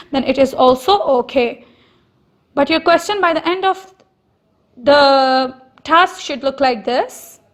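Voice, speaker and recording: Woman teacher, high-pitched, from Pakistan, patient and repetitive, drawn-out example sentences. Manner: slow, repetitive explaining with stressed example sentences. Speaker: school teacher. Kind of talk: recorded online lesson.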